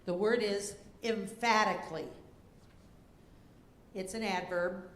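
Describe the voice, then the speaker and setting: A woman serving as a spelling bee pronouncer, reading words and definitions deliberately, spelling letters out slowly, and giving stage directions to contestants. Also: mid-range voice, fairly even intonation, fairly bright tone. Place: school auditorium. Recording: echoey auditorium with faint noise.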